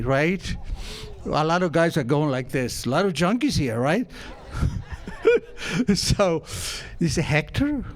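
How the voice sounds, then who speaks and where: A man with a high-pitched voice tells a story to an audience, playing it for laughs. He mocks himself as he goes, acting out scenes and making sound effects. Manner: animated, comic, acts out scenes with gestures and sound effects; self-mocking. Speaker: recovery meeting speaker. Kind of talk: comic storytelling talk to an audience.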